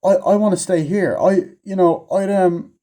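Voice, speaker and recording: A man's voice: fairly even intonation, normal speed, warm tone, lightly acted. Man putting on a stammering whiny scientist. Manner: stammering, hesitant, high-pitched. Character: nervous whiny male scientist, flustered and stammering.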